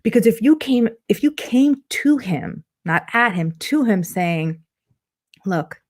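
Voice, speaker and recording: A middle-aged woman relationship coach answering interview questions in a lively way, acting out her clients' voices as she tells stories. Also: fairly high pitch, measured pace. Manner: animated, acts out quoted clients in different voices.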